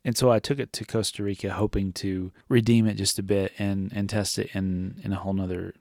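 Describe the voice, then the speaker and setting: Man, low gravelly voice, casual podcast co-host, rambling jokey talk, dry close sound. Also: flat delivery, fairly quick, a little mellow, no room sound. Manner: rambling, jokey, talks over partner. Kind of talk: casual chat.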